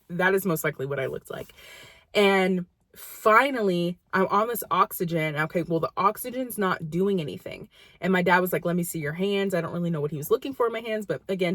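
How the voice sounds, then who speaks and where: A woman's voice: on the low side, a bit bright, dry recording. A young woman vlogger telling a personal story in a rambling, casual way, full of fillers.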